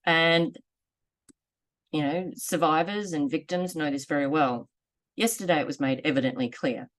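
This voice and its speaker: A woman in her forties telling a personal story in a candid, earnest, measured way. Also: sits low. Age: 40s. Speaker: vlogger sharing lived experience.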